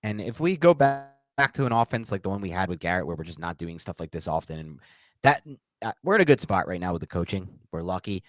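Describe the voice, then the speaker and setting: A young man co-hosting a casual sports podcast, analyzing game film in an animated way and slipping into mock voices. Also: low voice, fast talker, dry recording. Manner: animated, mimics voices in quotes. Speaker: podcast co-host.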